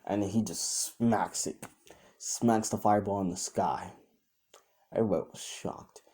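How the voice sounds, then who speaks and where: Rambling young man with a mellow, low voice. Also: unhurried, husky. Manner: rambling, with many fillers and restarts; quotes characters in his own voice. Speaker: storyteller. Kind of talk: casual improvised fan-story retelling.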